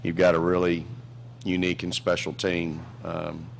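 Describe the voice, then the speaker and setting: Deep, flat-voiced middle-aged male coach. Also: moderate pace, gravelly, slight background noise. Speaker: basketball coach. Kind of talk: press conference remarks.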